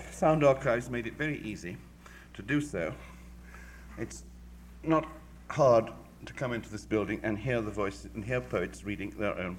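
A man, a music critic, giving a measured, articulate lecture with dry wit. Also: mid-range voice, a little hiss or hum. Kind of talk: formal lecture.

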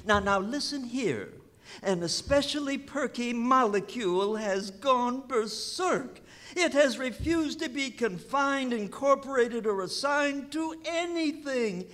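An actor playing a flustered, fussy official of the cosmos in a rhymed radio play, fretting theatrically in verse. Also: male voice, very high voice, fairly bright tone, exaggerated voice. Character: flustered cosmic official, fussy middle-aged man. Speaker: vice president in charge of physiochemistry.

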